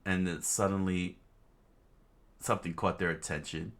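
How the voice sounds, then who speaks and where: A man with a fairly low voice reads a comic aloud at a very slow, unhurried pace. He rambles, full of fillers and side comments as he goes. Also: fairly bright tone. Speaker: comic reader. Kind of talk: casual read-along narration.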